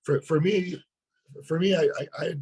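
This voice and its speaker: A hoarse man, a sales partner, talking earnestly in a webinar interview and often repeating words as he starts a thought. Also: a little high, a little slow, darkish tone, rough recording. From North Dakota.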